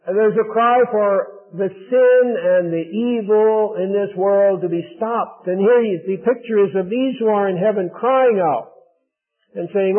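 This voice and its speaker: A man's voice: high-pitched, a little slow. A man preaching a sermon in an earnest, explanatory way, building emphasis as he goes. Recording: tinny phone-like audio.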